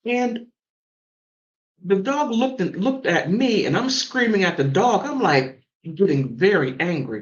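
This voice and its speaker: A woman from the mountains hosting a call-in show and telling stories in a casual, animated way. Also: unhurried, lo-fi sound. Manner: animated storytelling with big pitch swings. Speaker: host. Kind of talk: casual chat.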